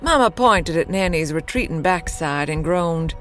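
A woman narrating a horror story in a measured, dramatic storytelling voice. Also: lowish voice, expressive, a bit bright, soft background music. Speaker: guest narrator.

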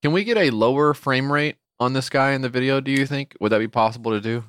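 A man's voice: medium pitch, fast, a bit bright, no room sound, studio quality. A man co-hosting a comedy podcast, joking around in casual banter and stumbling over his words in a wry, rambling way. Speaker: podcast co-host.

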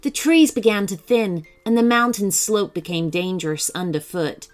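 A woman narrating a children's story in an expressive, animated way, with soft music behind. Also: medium pitch, moderate pace.

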